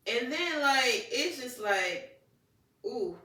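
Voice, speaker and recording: A woman casually recapping anime episodes in a chatty, animated way, acting out the characters and exclaiming "child.". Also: sits high, slow pace. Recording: echoey room, distant mic.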